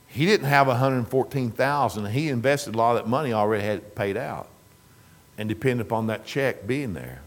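A man's voice: mid-range voice, fairly bright tone. A middle-aged man telling a rambling, folksy family story in casual talk. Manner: rambling, folksy, restarts and trails off.

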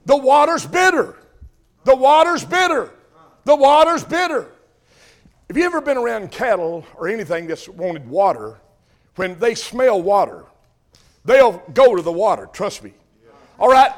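An older man preaching a folksy sermon, calling questions out to his congregation. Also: high voice.

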